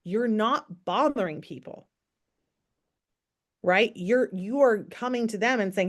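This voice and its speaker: A woman's voice: medium pitch, slow, pauses often. A woman giving a casual, upbeat sales training on a call, coaching listeners and often asking rhetorical questions. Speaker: network marketing team trainer.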